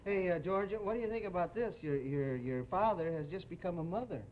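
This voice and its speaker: A man playing a mild, bumbling father filling in as den mother, talking in an easygoing, deadpan, halting way, heard over a noisy TV broadcast with a studio audience. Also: high voice. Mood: droll. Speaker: comedian host of a TV variety show.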